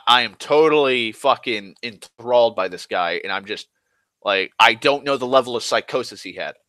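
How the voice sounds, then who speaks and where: A young man talks through a loose, rambling vlog monologue, restarting sentences and swearing freely. His voice is bright and forceful, picked up dry and close with no room sound. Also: mid-range voice, no room sound. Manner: rambling, restless, full of restarts and "like", swears freely, swings loud and soft. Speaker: vlogger.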